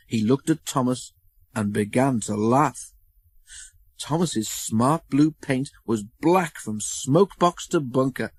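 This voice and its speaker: A man narrating a children's storybook in a measured, expressive way on a close studio mic. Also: mid-range voice, breathy edge, no echo.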